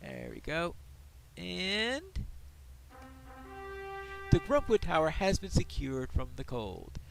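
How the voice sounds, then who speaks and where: A man's voice: on the high side, wildly swooping pitch, takes it slowly, vocal fry, fairly bright tone, soft background music. A man giving casual gameplay commentary, chatting and explaining the game mechanics as he plays.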